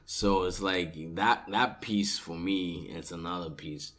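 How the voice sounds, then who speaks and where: A man's voice: deep voice, takes it slowly, a bit bright, a little hiss or hum. A man hosting a podcast, chatting casually, swearing freely and laughing often. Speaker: podcast host. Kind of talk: casual chat.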